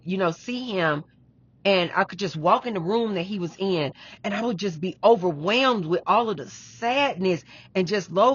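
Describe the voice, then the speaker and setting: A woman's voice: fairly low pitch, a bit bright, breathy edge, dull audio. A woman vlogger telling a personal story in casual, emphatic speech, repeating herself and addressing her viewers directly. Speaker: relationship advice vlogger.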